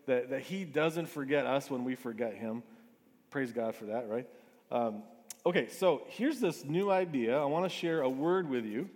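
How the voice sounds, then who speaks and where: A man preaching a sermon in a relaxed, conversational way, often restarting his phrases. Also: mid-range voice, normal speed. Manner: conversational, with frequent restarts and asides. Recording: reverberant hall.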